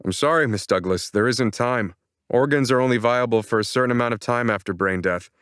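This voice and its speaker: A man doing a calm, regretful doctor. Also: medium pitch, smooth, no echo, studio quality, voice pushed up, close to an everyday voice. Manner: measured, apologetic. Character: middle-aged male doctor, calm and regretful.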